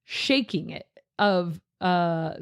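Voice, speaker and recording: A woman youth pastor chatting casually, telling lively stories and jumping into high voices when she quotes people. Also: very slow, gravelly, smooth. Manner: animated storyteller, jumps into high voices when quoting others. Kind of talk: casual podcast chat.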